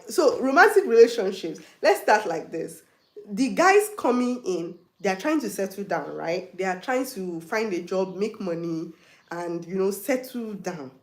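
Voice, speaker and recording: A woman's voice: mid-range voice, a little mellow, echoey room. A Nigerian woman hosting a casual live question-and-answer stream, chatting directly with viewers and slipping in Yoruba and pidgin phrases. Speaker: livestream host.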